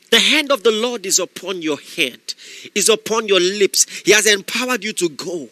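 A male pastor delivers an impassioned sermon. His voice sits high and rings with a hard, cutting edge, and it is caught close and dry with no room around it. He drops to quiet asides, then rises to shouted exhortation. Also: animated, moderate pace, no echo.

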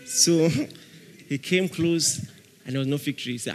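A man preaching a sermon as pastor, animated, laughing often and shouting out dramatic prayer examples. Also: mid-range voice, normal speed, slight background noise. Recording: long reverb of a large hall.

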